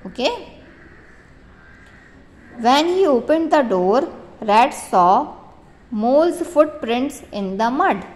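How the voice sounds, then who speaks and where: A woman's voice: high voice, expressive, slow pace, long pauses. A woman teacher reads a children's story aloud and explains it line by line, asking questions as she goes. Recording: long echoing reverb.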